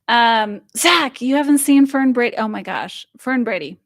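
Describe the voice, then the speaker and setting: Streamer host: young woman, higher pitch, rambling casual chat, dry close recording. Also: expressive, slow, vocal fry, pauses often, dry recording. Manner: rambling, frequent fillers and laughs, reads viewer comments aloud. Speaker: livestream host reading chat.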